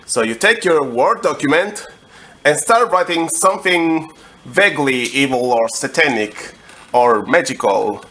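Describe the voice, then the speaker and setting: A young man hosting a comedic music tutorial, explaining every step in a slow, deadpan way. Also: on the high side, slight background noise.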